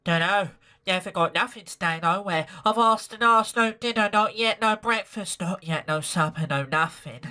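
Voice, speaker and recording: A man voicing a hungry, ragged beggar girl with a put-on Cockney accent, hoarse and raspy, in flat, clipped complaints. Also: high voice, moderate pace, pitched above the performer's own voice. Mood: miserable.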